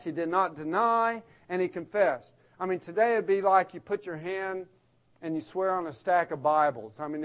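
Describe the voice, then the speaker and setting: A man preaching a sermon as pastor, emphatic and conversational, with frequent restarts. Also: sits high.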